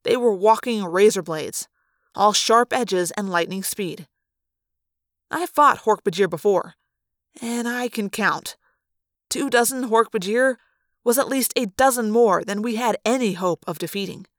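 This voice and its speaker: A woman narrates a first-person adventure in a steady, expressive storytelling style. Her voice sits in the middle range. The recording is dry and close, with no room sound. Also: mid-range voice, unhurried, no room sound. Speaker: audiobook narrator.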